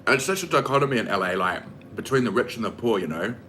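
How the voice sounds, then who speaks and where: Chatty New Zealand man, bright voice. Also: mid-range voice, expressive, fast talker, slight background noise. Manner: chatty, rambling, lots of fillers. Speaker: vlogger. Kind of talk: casual chat while cooking.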